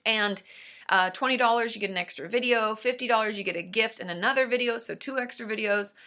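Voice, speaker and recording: A woman's voice: a little high, fast talker, background noise. A woman hosting a casual live stream, chatting with viewers and reading their comments in a rambling, friendly way. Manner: chatty and rambling, with many fillers and asides to viewers.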